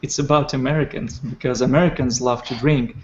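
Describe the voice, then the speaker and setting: A man's voice: mid-range voice, fairly even intonation, fairly quick, darkish tone, roomy sound, slight background noise. A man student in an online English class, giving his opinions in a plain, slightly hesitant way. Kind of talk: class discussion. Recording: dull lo-fi call audio.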